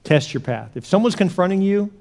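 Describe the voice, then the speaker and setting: A man preaching a sermon as pastor, talking conversationally and repeating words as he goes from quiet asides to animated retellings. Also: high voice, fairly quick, vocal fry.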